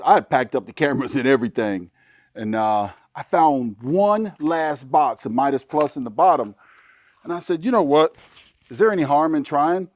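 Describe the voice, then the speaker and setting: A man hosting a shooting vlog outdoors at a range, chatting folksy to viewers and getting excited at good shots. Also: mid-range voice, no echo, studio quality. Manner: excitable, hollers when shots land. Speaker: shooting channel host. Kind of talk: casual vlog talk to camera.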